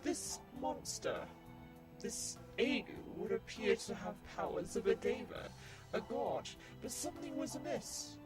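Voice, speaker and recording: A solemn, proud lizard-kin woman from a game recounts her past in measured tones. Her voice is high and rises and falls widely. Game music plays clearly behind her. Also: sing-song. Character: proud lizard-like female survivor of a curse.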